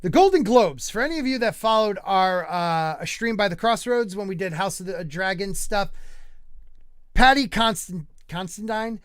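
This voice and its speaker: A man's voice: high-pitched, expressive, normal speed, clear, resonant tone, no echo, clean studio sound. A man hosting a livestream podcast, joking around and reading out viewer chat in a rambling, casual way. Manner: jokey, rambling, reads chat aloud. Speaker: podcast host.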